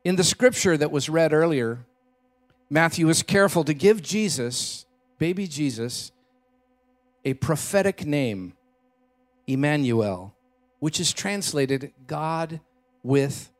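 A man preaching a Christmas Eve sermon in a church, telling a story with dramatic shifts between loud and hushed delivery. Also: a little high, animated, slow pace, long pauses. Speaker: pastor.

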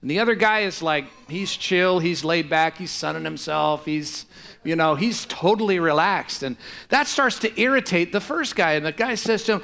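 A man's voice: high voice, normal speed, vocal fry, bright, forceful tone. A male pastor preaching a sermon in an emphatic style, with repeated rhetorical phrases.

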